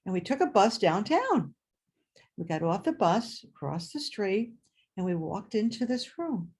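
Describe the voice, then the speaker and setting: A woman telling a personal story live, animated and acting out voices and sounds. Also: a little high, normal speed.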